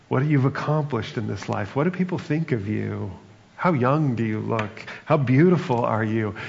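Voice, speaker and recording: A man's voice: medium pitch, creaky. A man preaching a sermon in a conversational, reflective way, often adding "right?" and "like" as he talks. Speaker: pastor. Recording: dull, lo-fi sound with long reverb.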